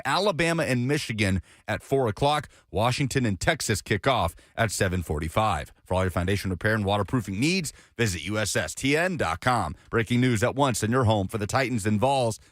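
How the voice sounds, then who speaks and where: A man reading a scripted sports schedule update for a radio station in a steady announcer manner. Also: on the low side, fairly quick, hardly any pauses, no echo. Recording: dry studio sound.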